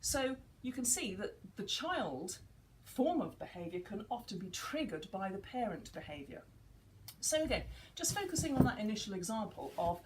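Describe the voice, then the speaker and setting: Animated woman teaching casually. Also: mid-range voice, normal speed, a little hiss or hum, poor audio. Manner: animated, acts out dialogue in quotes.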